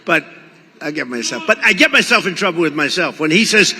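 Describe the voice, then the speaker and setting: A man's voice: fairly high pitch, very animated, a little fast, bright, forceful tone, breathy edge, big-room sound. An older man giving a rambling, boastful rally speech, acting out quoted exchanges. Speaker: political speaker at a rally. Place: large rally venue.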